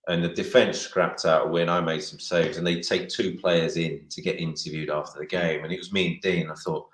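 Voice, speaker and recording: Middle-aged man, former footballer, chatty rambling anecdotes, lowish voice, roomy echo. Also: little pitch movement, brisk. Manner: rambling storyteller, many restarts and acted quotes. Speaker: former footballer, interview guest. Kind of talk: anecdotal interview chat.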